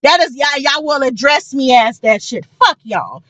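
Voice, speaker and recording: A woman co-hosting a casual chat podcast, telling stories in an excitable, profane, animated way. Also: high voice, moderate pace, dry recording. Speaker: podcast co-host.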